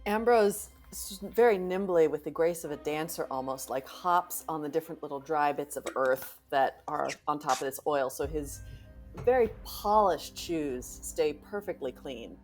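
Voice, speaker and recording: A woman with a low voice narrates her character in a tabletop game, describing every move in an animated, storytelling way. Soft music runs faintly underneath her. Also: moderate pace. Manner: animated storytelling with acted quotes. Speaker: player.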